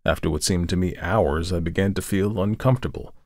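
A man narrating a short story in a measured, dramatic storytelling manner. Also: low-pitched, darkish tone, no echo, studio quality. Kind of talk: scripted audiobook narration.

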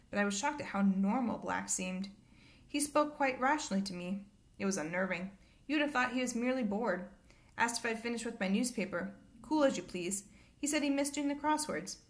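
A woman's voice: medium pitch, natural voice. Lady reading as a fussy pompous minister man, kinda shaken and dodgy, storybook read-aloud. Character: flustered middle-aged male government minister.

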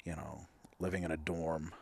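A man's voice: extremely low pitch, flat delivery, normal speed, gravelly, a little hiss or hum. A man in his thirties, a counselor hosting a candid conversation, reflective, with many fillers and restarts. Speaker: clinical counselor and host.

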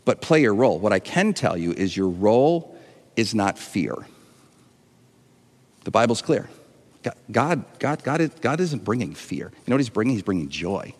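A man's voice: medium pitch, big-room sound. A man preaching a sermon to an online audience, earnest and emotional, often restarting and repeating words. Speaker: pastor. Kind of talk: livestreamed sermon.

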